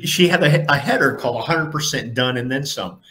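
A man's voice: medium pitch, brisk, sharp tone, a little hiss or hum. A man hosting a casual book discussion, speaking in an earnest, emphatic coaching tone. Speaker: discussion host. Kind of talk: casual conversation.

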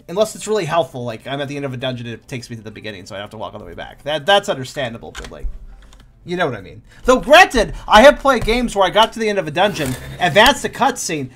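A woman's voice: fairly low pitch, sing-song, fast, fairly bright tone. A woman streaming a video game who rambles through exasperated complaints as she plays. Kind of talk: casual game commentary.

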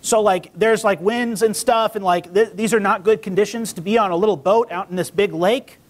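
A man pastor giving a casual, conversational sermon in a church, reading scripture and acting out the quotes. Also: moderate pace. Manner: conversational, acts out quotes with lively pitch. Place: church sanctuary.

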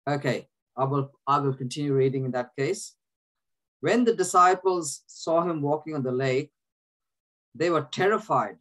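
A man's voice: a little high, normal speed, fairly bright tone, poor audio. A man leading a group, reading scripture and teaching in an earnest way, often restarting his words. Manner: asks listeners to repeat verses. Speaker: prayer group leader.

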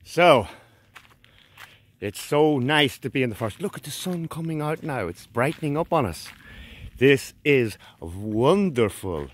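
A man's voice: medium pitch, lively intonation, unhurried. An Irish man chatting in a casual, joking way while walking through a forest for his vlog. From Ireland. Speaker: vlogger. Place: outdoors in a forest.

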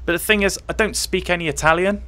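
A man co-hosting a live stream chat, telling stories in an animated way and laughing at himself. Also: sits high, fast talker, smooth. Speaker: co-host.

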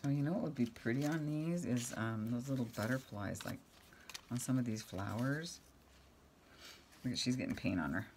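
A woman's voice: very deep voice, normal speed, long pauses, darkish tone, slight background noise. A middle-aged woman chatting casually as she makes crafts at home, rambling and talking to her cat now and then. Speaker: craft vlogger.

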